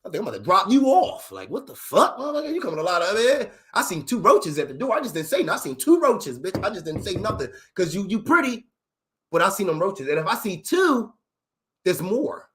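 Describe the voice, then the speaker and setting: Fast, animated young man telling stories. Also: high voice. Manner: profane, rapid, animated with character voices. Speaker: comedic storyteller. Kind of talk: animated comedic storytelling.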